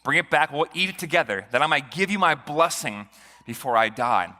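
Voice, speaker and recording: A man's voice: on the high side, expressive, a little fast, sharp tone, voice pushed down. A man voicing a frail, old, nearly blind father who earnestly offers his son a blessing, in a sermon. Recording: long church reverb.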